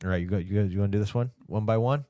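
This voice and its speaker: A man co-hosting a comedy podcast, chatting casually in an animated, rambling way. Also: lowish voice, very fast, no echo, studio quality. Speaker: podcast co-host.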